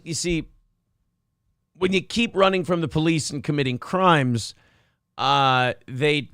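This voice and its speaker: A man's voice: fairly high pitch, fairly bright tone, smooth, no room sound, studio quality. An American man hosting a morning show, ranting and joking sarcastically in casual banter. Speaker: radio show host.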